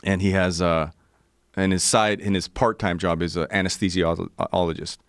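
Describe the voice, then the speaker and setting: Deep-voiced man telling a profane story. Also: fairly even intonation, normal speed, vocal fry, no room sound. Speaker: podcast guest. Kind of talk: casual storytelling.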